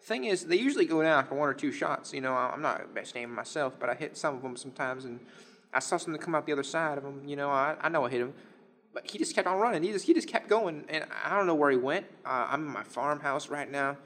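A man's voice: a little high, animated, fast, fairly bright tone. A young man voicing a jittery rural farmer who rambles and stammers as he calls in a story. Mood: rambling. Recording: reverberant room.

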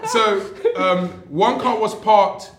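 High-voiced man telling a story. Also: takes it slowly. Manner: animated, slang-heavy, repeats himself. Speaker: guest. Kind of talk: casual storytelling chat. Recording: echoey room.

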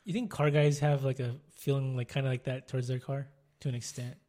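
A man's voice: medium pitch, level tone, brisk, warm tone. A young man co-hosting a podcast in casual chat, easygoing and chuckling as he tells short stories. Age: young adult. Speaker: podcast co-host.

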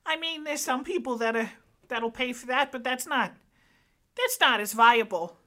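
A woman's voice: high voice, lively intonation, pushed and bright. Nervous young woman who stammers, voiced by a woman game master. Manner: stammering, halting.

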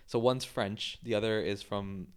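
A man's voice: fairly low pitch, fairly even intonation, measured pace, smooth. A young man who grew up in the UAE, co-hosting a casual chat with loose, filler-heavy storytelling. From United Arab Emirates. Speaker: podcast co-host.

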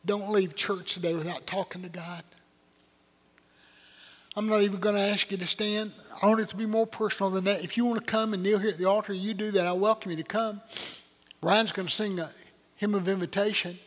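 A man's voice: sits high, steady tone, fairly quick, fairly bright tone. An older man, preaching a sermon as a pastor in a folksy, earnest storytelling manner. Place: church sanctuary. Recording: long hall reverb.

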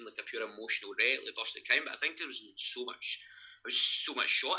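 Tense, forceful Scottish man. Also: fairly low pitch, low-quality recording. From Scotland. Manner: halting and emotional, with many restarts. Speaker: interview guest, gym owner. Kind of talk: personal storytelling in an interview.

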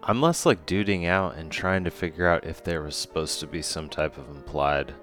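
Very deep-voiced, hesitant man. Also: normal speed, a bit bright, soft background music. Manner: hesitant, thinking aloud with many fillers. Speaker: podcast co-host. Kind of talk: casual movie discussion.

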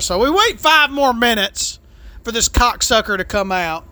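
Male food vlogger, high and bright, crude exasperated rant. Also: expressive, normal speed, a little hiss or hum. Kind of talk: profane ranting storytelling.

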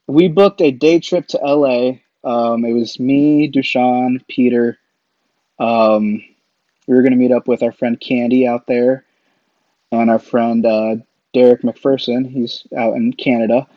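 A man's voice: medium pitch, steady tone, takes it slowly, long pauses, a little mellow, dry recording. A man, a podcast guest, telling stories in a casual, rambling way, full of fillers and restarts. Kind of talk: casual storytelling. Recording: dull lo-fi dry sound.

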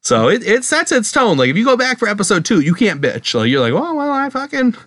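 A man co-hosting a podcast in a lively, swooping voice that sits a bit high for a man. He talks casually and curses freely, acting out characters' lines as he recaps. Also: fast talker. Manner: animated, profane, acts out characters' lines. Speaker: podcast co-host.

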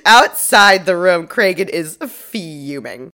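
Young woman podcast co-host, snarky and profane, low voice that leaps around. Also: lively intonation, slow pace, pushed and bright. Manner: sarcastic, swears freely, laughs often. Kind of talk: casual recap chat.

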